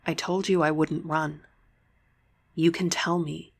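A woman voicing a young woman, the heroine's loyal best friend, speaking softly and earnestly. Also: sits low, little pitch movement, slow pace, gravelly, breathy edge, full character voice. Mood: tender. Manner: soft, earnest and tender.

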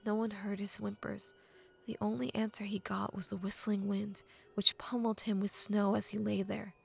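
Gravelly-voiced woman narrating a novel. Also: medium pitch, little pitch movement. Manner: measured, often dropping to a hushed half-whisper. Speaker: audiobook narrator.

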